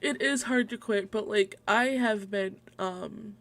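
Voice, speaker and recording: A woman's voice: mid-range voice, steady tone, slow, fairly bright tone. A young adult woman hosting a casual solo livestream at home, rambling and swearing, laughing often, a little short of breath. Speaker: livestream host.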